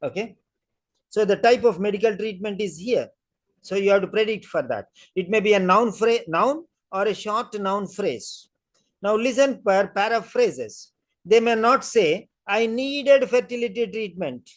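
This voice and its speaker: A man's voice: high-pitched, animated, unhurried. A man teaching a listening-test class online, explaining each step and repeating key phrases over a video call. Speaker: English test tutor.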